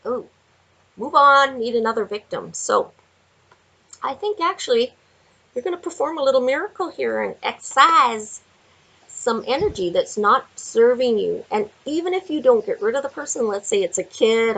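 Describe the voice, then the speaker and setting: A woman giving a chatty tarot card reading, laughing often and talking to viewers in animated asides. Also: fairly high pitch, slightly rough, rough recording. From Canada. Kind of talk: casual tarot reading vlog. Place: home with window view.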